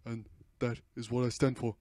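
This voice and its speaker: A teenage man putting on the voice of a gruff older male politician giving a stump speech. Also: mid-range voice, flat delivery, moderate pace, mellow, no echo, lightly acted. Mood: preachy.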